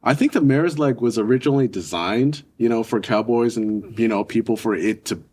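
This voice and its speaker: A man's voice: mid-range voice, fairly quick, a little mellow. Matter-of-fact male podcast co-host. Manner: matter-of-fact, technical detail. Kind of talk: casual chat.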